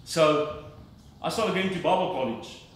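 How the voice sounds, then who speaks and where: A man's voice: a little high, lively intonation, measured pace, very echoey, far from the mic, a little hiss or hum, low-quality recording. A middle-aged man giving an earnest, emphatic personal testimony from the pulpit of a church. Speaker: lay preacher giving testimony.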